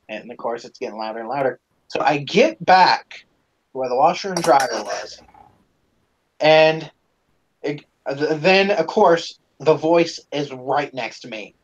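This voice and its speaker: A man hosts a live stream and tells stories to his fans in an animated, profane way, full of fillers. His voice sits fairly high for a man. The audio is slightly dull and lo-fi. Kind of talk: casual storytelling to fans.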